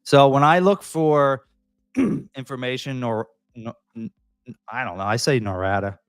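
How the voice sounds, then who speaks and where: A man's voice: medium pitch, lively intonation, unhurried, clear, resonant tone, no echo. A man with a Philadelphia accent, a real estate broker hosting a casual livestream, talking in a loose, rambling way full of fillers and restarts.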